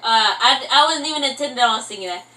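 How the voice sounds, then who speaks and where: A woman's voice: a little high, expressive, fast, sharp tone, recorded from a distance, soft background music, low-quality recording. A young woman vlogging in casual chat, rambling and self-mocking, who keeps breaking into bits of song. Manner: breaks into singing snatches. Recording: voice from away from the mic.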